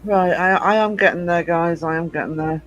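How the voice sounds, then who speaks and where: A man hosting a casual live-stream chat, hoarse from just waking up, who laughs often and teases his guests. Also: a little high, normal speed, fairly bright tone, soft background music, low-quality recording. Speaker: host.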